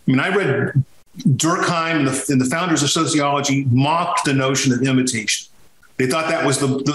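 A man's voice: fairly high pitch, a bit bright, roomy sound, low-quality recording. A man from Sicily talking as a podcast guest, telling his story emphatically with frequent restarts. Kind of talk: conversational podcast interview.

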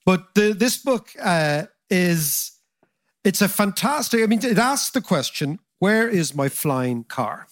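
A man hosting a podcast interview, telling stories in an animated, emphatic way. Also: high voice, slow pace, no echo, studio quality. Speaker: podcast host. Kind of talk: conversational interview.

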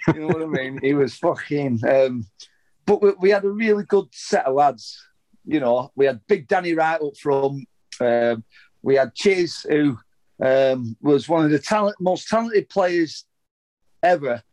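A man's voice: fairly high pitch, lively intonation, a little slow, darkish tone. A man, a former footballer, telling rambling anecdotes in a casual interview, swearing heavily and restarting his sentences often.

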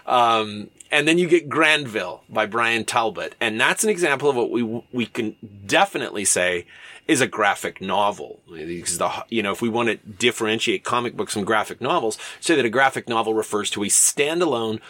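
A man's voice: fairly low pitch, lively intonation, moderate pace, sharp tone, no room sound. A man giving a casual lecture in a chatty, digressive way, full of fillers and asides.

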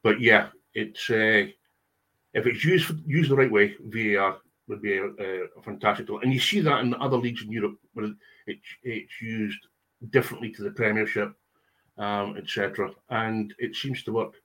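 A man, a podcast guest, giving measured opinions with many pauses and ums. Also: fairly low pitch, pushed and bright. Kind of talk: podcast discussion.

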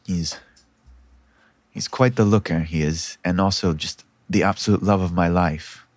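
Man putting on a fussy polite elf princess, breathy, flustered, dry room sound. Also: deep voice, a little slow, dry recording, pitched below the performer's own voice. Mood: prim, gushing. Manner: prim, overly polite, flustered. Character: haughty high elf princess, young woman.

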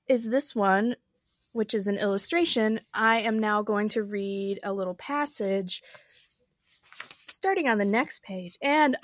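A woman with a slightly high voice hosts a podcast, musing casually about a book with wondering, amused asides and reading it aloud. The sound is clean, studio-quality, with no echo.

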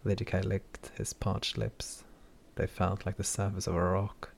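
A man narrating a fantasy audiobook in a measured, wry storytelling manner. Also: low voice, flat delivery, vocal fry, a little hiss or hum.

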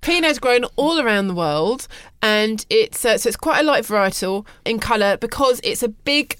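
A woman explaining wines in a relaxed, knowledgeable chat. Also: a little high, smooth, no room sound. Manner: explains wine knowledgeably, quick and chatty. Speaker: wine expert guest. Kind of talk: casual chat.

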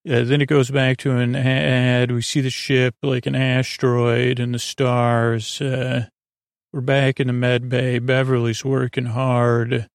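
Male host, gravelly, monotone, rambling sleepy recap, dry close mic. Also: mid-range voice, a little slow, no echo. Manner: rambling, mumbled retelling with many fillers. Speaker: podcast host recapping an episode. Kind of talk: drowsy sleep-podcast recap.

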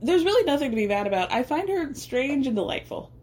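A woman's voice: high-pitched, big pitch swings, a little fast, a little mellow. A woman hosting a podcast, recapping a reality show in casual commentary. She talks chattily, says "like" a lot, asks rhetorical questions and laughs often. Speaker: podcast host.

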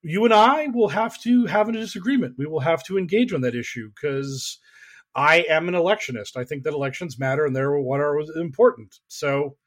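High-voiced man ranting on a podcast. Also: a little fast. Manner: emphatic, profane, exasperated ranting; calls own voice whiny. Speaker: podcast host. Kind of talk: political podcast rant.

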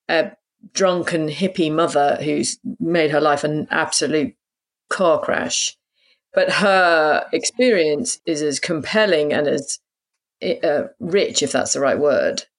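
A man's voice: fairly high pitch, a bit bright. Male literary interviewer, searching and hesitant. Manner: hesitant, searching for words, many restarts. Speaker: podcast interviewer.

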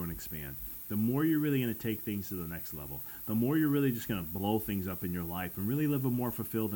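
A man's voice: fairly low pitch, husky. A middle-aged man hosting a podcast, speaking earnestly in a motivational monologue and repeating phrases for emphasis. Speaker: podcast host.

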